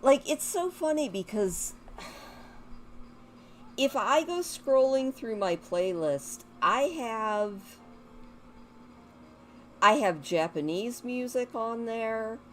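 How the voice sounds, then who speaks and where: A woman's voice: a little high, lively intonation, slow pace, long pauses, slight background noise. A woman giving casual, rambling commentary while playing a life-simulation game, chatting to her characters and drifting into talk about music. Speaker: gaming YouTuber. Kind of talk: casual let's-play commentary.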